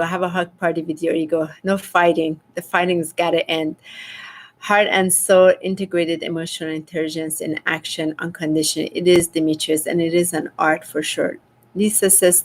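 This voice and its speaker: A middle-aged woman hosting a casual spiritual livestream, reading viewers' comments aloud and talking with animated exasperation. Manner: animated, rises in pitch when exasperated. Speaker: spiritual host reading live chat.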